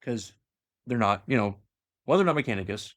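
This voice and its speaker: A man's voice: on the low side, animated, moderate pace, no echo. A man casually retelling a story in a loose, rambling way with many fillers. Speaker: lore explainer. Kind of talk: casual lore chat.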